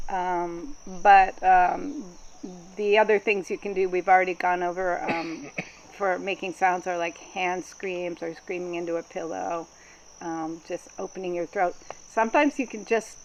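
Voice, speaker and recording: A woman facilitating a group workshop, explaining in a calm, explanatory way with frequent ums. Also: medium pitch, a little hiss or hum, poor audio.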